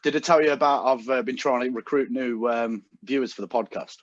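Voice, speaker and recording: A man's voice: mid-range voice, brisk, no room sound, muffled recording. A British man co-hosting a comedy podcast over a video call, telling stories animatedly and mimicking the people he quotes. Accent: British English. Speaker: podcast co-host. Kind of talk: casual comedy banter.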